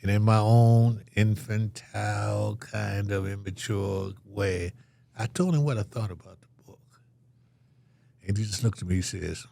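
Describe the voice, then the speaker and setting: A man's voice: on the low side, normal speed, creaky, dark tone, no echo. An older man telling a story as an interview guest, acting out the voices of the people in it.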